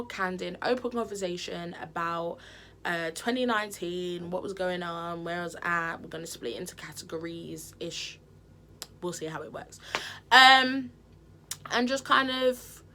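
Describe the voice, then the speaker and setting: A woman's voice: medium pitch, vocal fry, sharp tone, a little hiss or hum. A woman in a candid, chatty vlog to camera, talking frankly and expressively from indoors at home. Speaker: vlogger. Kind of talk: candid casual chat to camera.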